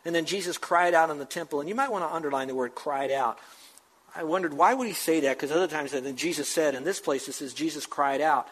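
A man's voice: a little high, quick pace, rough recording. Fervent male pastor preaching a sermon. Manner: animated preaching, acts out voices of Bible figures.

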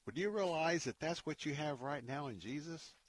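A man hosting a Christian radio talk show, speaking in an earnest, preacherly way and dropping to a hushed tone when he tells a story. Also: on the high side, animated, brisk, dry recording. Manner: earnest, preacherly, drops to a hush for stories.

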